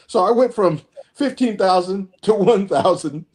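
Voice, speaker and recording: A man's voice: high voice, slow pace. A middle-aged man casually telling a long story in a group chat, acting out each side of the conversations he recounts. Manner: animated anecdote telling, acts out both sides of conversations. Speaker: car collector guest. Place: home, online group stream.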